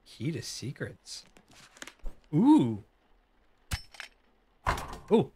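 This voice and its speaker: A man's voice: on the high side, wildly swooping pitch, extremely slow, dark tone, a little hiss or hum. A man casually commenting while playing a horror game, chatty and curious, swearing now and then. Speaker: gaming video creator. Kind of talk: casual let's-play commentary.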